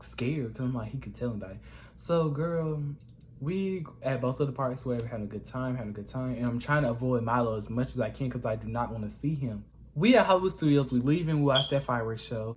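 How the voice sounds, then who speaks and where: A man's voice: medium pitch, a little hiss or hum. Gossipy young man telling a storytime. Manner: gossipy, chatty, keeps calling the listener "girl". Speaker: vlogger. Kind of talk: casual storytime.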